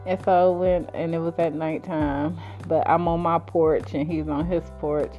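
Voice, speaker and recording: A woman casually telling a personal story in her own series, chatty and colloquial, breaking into high giggles. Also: fairly even intonation, unhurried, warm tone, faint music behind. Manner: laughs often, with high giggles while telling stories; chatty and colloquial, with many fillers.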